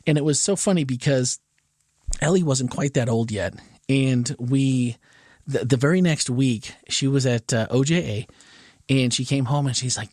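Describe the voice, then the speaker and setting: A middle-aged man chatting on a church podcast in a loose storytelling manner. He sits at an even middle pitch, and the sound is dry and close with no room echo. Now and then he lifts his voice higher to quote a child. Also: normal speed, breathy edge. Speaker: podcast co-host. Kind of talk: casual chat.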